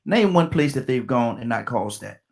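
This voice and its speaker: A middle-aged man hosting a call-in radio talk show, repeating himself and restarting his sentences, slowing right down to read out a phone number. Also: mid-range voice, lively intonation, gravelly.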